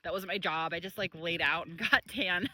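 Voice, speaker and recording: A woman's voice: lowish voice, moderate pace, sharp tone, rough recording. A woman in her thirties, a life coach, telling personal stories to camera in a chatty way, laughing easily and repeating phrases for emphasis. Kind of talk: casual storytelling to camera.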